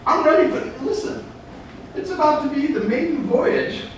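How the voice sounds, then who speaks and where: On stage in a large event hall before a live audience, a man gives a playful, joke-filled motivational talk to real estate people, acting out customers and brokers. His voice is extremely high and animated at a moderate pace. The recording is noisy and echoey, captured from far away.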